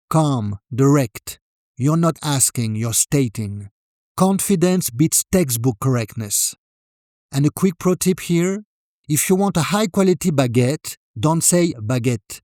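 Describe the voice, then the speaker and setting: A man calmly narrating a scripted language lesson, demonstrating French phrases with deliberate delivery. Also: mid-range voice, dry recording, studio quality.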